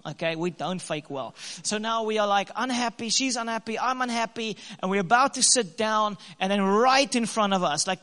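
A man telling a lively story to couples, laughing and acting out his own lines. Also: sits high, big-room sound. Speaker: co-host, husband speaking to couples. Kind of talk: animated storytelling talk.

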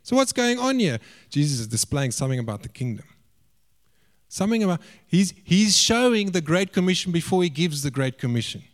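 A man preaching a sermon, swinging between raised, emphatic lines and quiet, hushed asides. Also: a little high, lively intonation, a little fast.

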